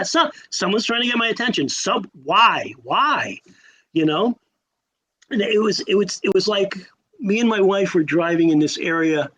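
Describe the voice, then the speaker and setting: A high-voiced man in his sixties spins stories as a guest on a podcast. He's animated, his pitch leaps suddenly, and he uses emphatic repetition and storyteller's pauses, all over poor audio.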